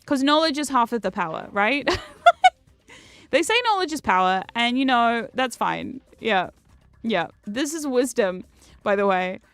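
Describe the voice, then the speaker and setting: A woman's voice: unhurried, dry recording, soft background music. Chatty, self-mocking woman streamer. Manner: animated, jumps between loud outbursts and low asides. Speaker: streamer playing a video game. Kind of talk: casual chat while gaming.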